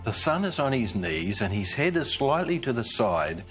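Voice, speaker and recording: A man giving a scripted devotional presentation, telling it in an earnest, measured storytelling manner. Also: mid-range voice, big pitch swings, soft background music. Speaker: Christian speaker.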